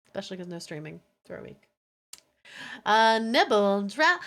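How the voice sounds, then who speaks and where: A woman streamer in casual livestream chat, playful, crude and quick to swear at her chat. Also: medium pitch, very animated, fairly bright tone.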